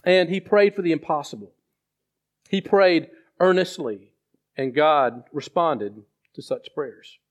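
A man preaching a sermon as pastor, telling a story with frequent restarts. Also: on the high side. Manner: halting storyteller with many restarts.

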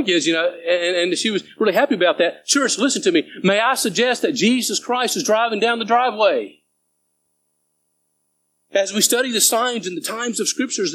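An earnest male pastor with a notably high voice, pressing his congregation with urgency as he preaches. He reads scripture aloud and tells stories from the pulpit. A faint hum sits under his voice. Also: a bit bright, poor audio. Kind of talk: sermon.

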